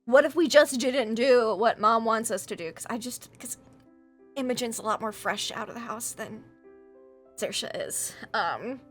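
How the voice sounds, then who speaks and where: A woman's voice: a little high, measured pace, soft background music. A woman playing in a tabletop role-playing game, chatting casually at the end of a session. She gushes with enthusiasm and uses many fillers.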